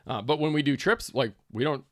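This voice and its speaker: A man's voice: medium pitch, fairly quick, a bit bright, no echo, clean studio sound. A man hosting a casual podcast chat, easygoing and chuckling, with many fillers. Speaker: podcast host, fly shop.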